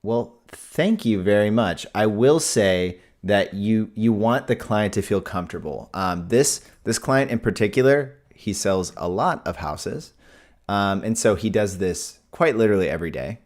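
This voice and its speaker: Chatty man with a lively, low voice. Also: measured pace. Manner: casual, chatty, thinking aloud with fillers. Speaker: videographer and tutorial host. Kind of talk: live software editing tutorial.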